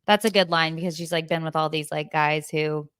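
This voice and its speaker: A woman hosting a podcast, chatting casually about an album in an animated way and leaning on filler words. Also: low-pitched, brisk, smooth, no room sound, studio quality. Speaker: podcast host. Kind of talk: casual chat about music.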